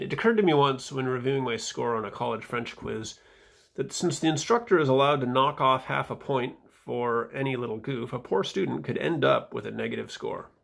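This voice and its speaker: Gravelly, husky-voiced man with wry humor. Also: medium pitch. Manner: fillers and soft mumbled asides. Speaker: vlogger reading his own footnotes. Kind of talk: casual reading with asides.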